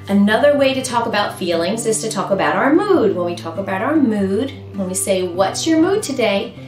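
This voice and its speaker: A woman as a children's librarian, singing and talking to toddlers in an animated, sing-song way with exaggerated expressions. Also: sits high. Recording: roomy sound with guitar music.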